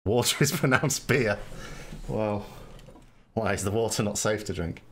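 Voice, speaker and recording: A man's voice: on the low side, unhurried, slight background noise. A man with a South Yorkshire accent hosting a live stream, chatting in a rambling way with wry asides. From England. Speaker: podcast host. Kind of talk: live stream chat answering viewers.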